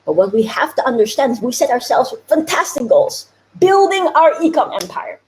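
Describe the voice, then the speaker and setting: A woman's voice: high-pitched, sing-song, moderate pace, darkish tone, poor audio. A woman hosting a live online challenge, giving a bubbly, upbeat motivational talk, often laughing and urging viewers to comment. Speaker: host of an online business challenge.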